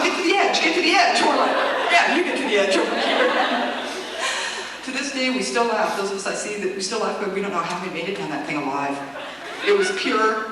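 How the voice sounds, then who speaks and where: A woman tells behind-the-scenes stories at a fan convention, animated and quick to laugh, slipping into voices for the people she quotes. She is picked up from a distance in a big, very echoey hall with a long reverb tail and a clear bed of room noise. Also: medium pitch. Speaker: convention guest speaker. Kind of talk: casual storytelling Q&A. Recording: echoey hall recorded from far off, noisy.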